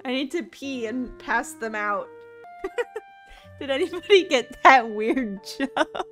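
A woman's voice: high voice, animated, slow, a bit bright, faint music behind. A woman streaming live, chatting casually and rambling, laughing often between thoughts.

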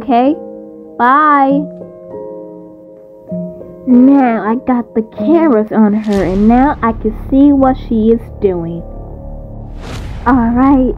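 Lady playing a mad protective mom, high voice, slow scolding, dull lo-fi mic w/ faint music. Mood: cold. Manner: scolding, indignant. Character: angry protective mother, stern and indignant. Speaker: voice actor. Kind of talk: roleplay movie voice acting.

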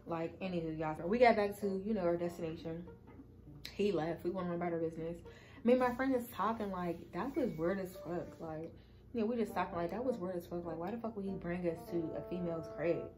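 A woman's voice: on the low side, quick pace, darkish tone, soft background music, low-quality recording. A woman telling a casual storytime to her viewers, chatty and swearing freely as she talks to them. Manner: chatty, cursing freely, addresses viewers as y'all. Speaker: vlogger.

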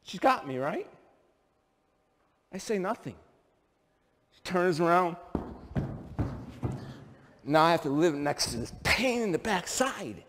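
A man's voice: high-pitched, big pitch swings, slow, pauses often, fairly bright tone. A middle-aged man from upstate New York preaching a sermon, telling stories and firing rhetorical questions at the congregation. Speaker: pastor. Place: church sanctuary. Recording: long church hall reverb.

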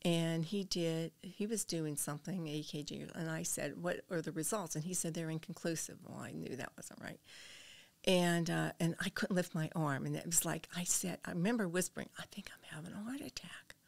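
An older woman with a low, gravelly voice tells her story earnestly as a podcast guest. She sometimes drops to a near whisper. The sound is close and dry, with no room around it. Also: steady tone, normal speed, no room sound. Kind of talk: personal storytelling in an interview.

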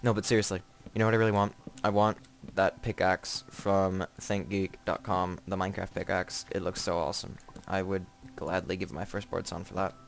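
Young male gamer, slightly low voice, rambling joking commentary, startles easily. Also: flat delivery, normal speed, gravelly, hardly any pauses. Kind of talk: casual let's play commentary.

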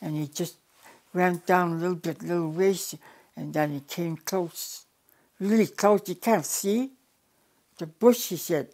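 Older woman storyteller with a low voice. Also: a little mellow. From Yukon, Canada. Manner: unhurried, restarts and repeats words, plain direct phrasing. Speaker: elder storyteller. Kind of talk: oral storytelling.

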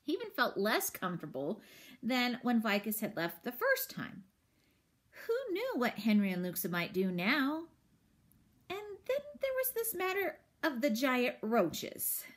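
A woman reading a children's book aloud, her pitch rising and falling in a lively, expressive storytelling manner. Her voice sits somewhat high. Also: a little slow.

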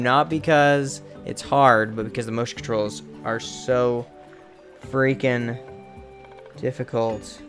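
Let's play host, male, mid-range voice, slow and exasperated, mild minced oaths. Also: medium pitch, fairly even intonation, faint music behind. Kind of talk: casual gameplay commentary.

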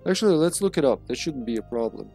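A man's voice: medium pitch, expressive, fast, creaky, dark tone, soft background music. A man streaming a live game, commenting casually with joking, sarcastic remarks and chatting with his viewers.

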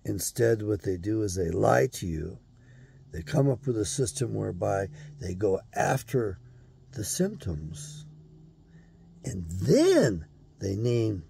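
A man's voice: medium pitch, creaky, warm tone, breathy edge, no echo. An older man hosting his own show, delivering a blunt, profane, angry monologue. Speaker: show host.

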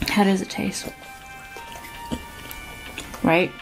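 A woman's voice: medium pitch, steady tone, drawn-out words, creaky, rough recording. Chatty woman vlogging a mukbang. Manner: chatty, filler-heavy, talks between bites. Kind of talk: casual eating vlog chat. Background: music.

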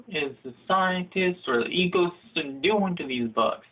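A young man telling a comedic, profane story in a casual ranting way, jumping into high shouted voices for the people he quotes. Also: expressive, measured pace. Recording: phone-like lo-fi audio.

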